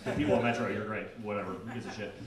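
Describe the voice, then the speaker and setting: Captured by a distant handheld recorder in an echoey bar basement with faint room noise, a young comic rattles through a stand-up set as a crowd is heard in the background. His lowish, steady voice comes rapid-fire. He rambles, mocks himself, says "like" a lot, and swears.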